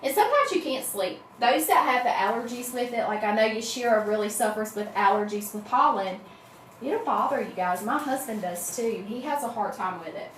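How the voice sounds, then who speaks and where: Southern woman, middle-aged, bright-pitched, chatty livestream host in an echoey room with faint hum. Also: expressive, normal speed. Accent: Southern American. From Southern US, North Carolina. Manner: chatty, greets viewers by name, says y'all. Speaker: wreath-making livestream host. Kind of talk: casual livestream chat.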